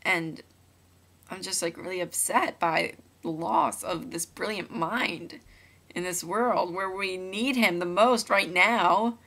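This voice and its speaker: Young woman vlogging with a bright voice. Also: fairly low pitch, takes it slowly. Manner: chatty and rambling, with many fillers and restarts. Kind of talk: casual webcam vlog. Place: room at home. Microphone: laptop built-in mic.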